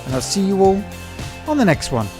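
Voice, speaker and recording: A man giving excitable play-by-play commentary over a naval battle game replay, cheering his teammate on and talking to viewers as folks. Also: sits high, fairly quick, over music. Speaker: gaming channel host.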